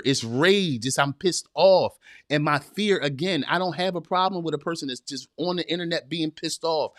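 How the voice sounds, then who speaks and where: A man hosting a live podcast, talking straight to his viewers and reading their chat, animated and preachy, repeating his phrases. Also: a little high, no room sound, clean studio sound. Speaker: podcast host.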